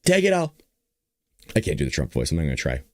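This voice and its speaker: A hoarse man hosting a casual political commentary show, joking and talking to his audience. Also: rumbling low, quick pace, no echo, clean studio sound. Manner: animated, joking, talks to the audience. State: hoarse, voice worn out. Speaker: show host.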